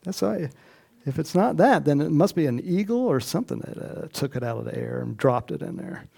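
Guy preaching, kinda high gravelly voice, chatty storyteller who acts out the bible folks. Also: very animated, normal speed, mellow. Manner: conversational with asides to the congregation. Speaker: pastor. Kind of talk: sermon.

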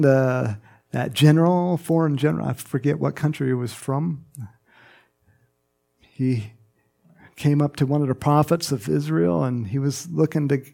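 Slow, gravelly male preacher. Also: on the high side, warm tone. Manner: slow, conversational, with laughs and playful mock voices. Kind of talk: sermon.

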